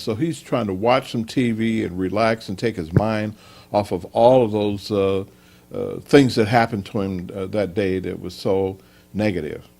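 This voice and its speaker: A man co-presents a relationship workshop and tells a story at an easy conversational pace, pausing often. His voice is gravelly and mid-pitched. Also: a little mellow. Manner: conversational, many filler pauses. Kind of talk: storytelling lecture.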